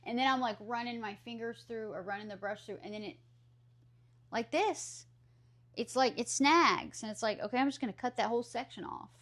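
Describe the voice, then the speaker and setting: A woman's voice: fairly high pitch, normal speed, a bit bright. A woman with a Southern US accent, chatting casually with her live stream viewers and answering their questions aloud.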